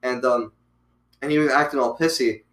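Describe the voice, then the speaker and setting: A young man tells a story in an animated, profane way, his voice sitting at an ordinary pitch. The room around him rings with a clear echo. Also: moderate pace, crowd noise. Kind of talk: casual chat.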